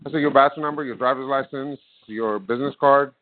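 A man's voice: mid-range voice, steady tone, a little fast, no echo. Rambling man telling a story over a phone. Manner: rambling, many fillers, acts out both sides of a conversation. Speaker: caller. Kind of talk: casual storytelling. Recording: dry phone-line audio.

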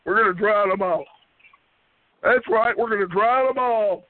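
A man's voice: high voice, moderate pace, no room sound. A man caller ranting with hostility on a group phone line, repeating chanted taunts over and over. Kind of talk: aggressive prank-call ranting.

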